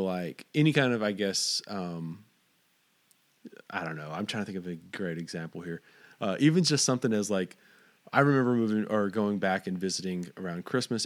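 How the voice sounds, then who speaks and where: Low-voiced rambling male interviewer. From Fort Stockton, Texas. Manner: rambling, stumbling over words. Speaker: interviewer host. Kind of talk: casual interview.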